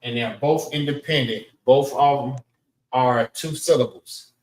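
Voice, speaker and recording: Male class instructor, unhurried delivery, roomy echoey recording. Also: mid-range voice, a little mellow. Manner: drawn-out, repeats "all right?" to check in. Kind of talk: casual teaching lecture. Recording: echoey room.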